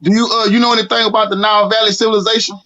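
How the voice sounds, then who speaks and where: Young man, high bright voice, fiery and emphatic, repeats himself, muffled lo-fi recording. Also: flat delivery, racing. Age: young adult. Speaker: host. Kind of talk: casual panel discussion.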